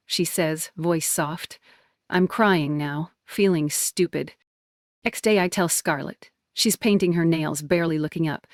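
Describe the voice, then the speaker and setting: A young woman narrating a personal story in the first person, with a soft, even manner. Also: lowish voice, a little slow, no room sound, studio quality.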